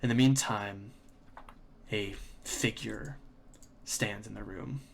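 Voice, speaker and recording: A man running a tabletop game as game master, narrating in slow, drawn-out descriptions. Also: fairly low pitch, steady tone, gravelly, a little hiss or hum. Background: faint music.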